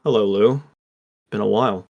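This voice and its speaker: A man's voice: lowish voice, normal speed, gravelly, darkish tone, muffled recording. A man voicing a polite, formal male dragon in human form in a tabletop game. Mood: courteous. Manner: courteous, formal.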